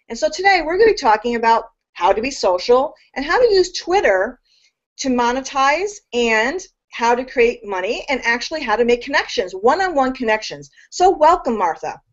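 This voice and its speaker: A woman hosting an interview show, bubbly and enthusiastic, gushing over her guest. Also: on the high side. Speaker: show host. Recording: dull lo-fi web broadcast.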